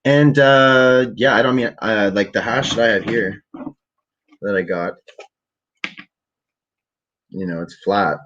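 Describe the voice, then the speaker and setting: A young man from the Ottawa area telling a long, profane story in a relaxed, rambling way to a camera at home. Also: fairly low pitch, takes it slowly, pauses often. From Ottawa area, Canada. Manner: rambling, profane, laid-back. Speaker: vlogger. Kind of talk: casual storytelling. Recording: dull lo-fi webcam audio.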